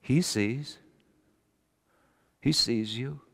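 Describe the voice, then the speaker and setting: A man's voice: mid-range voice, extremely slow, gravelly, slightly rough. Middle-aged male pastor, passionate storyteller, big swings; large church hall, long reverb. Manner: passionate, storytelling, rising to shouts. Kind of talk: sermon.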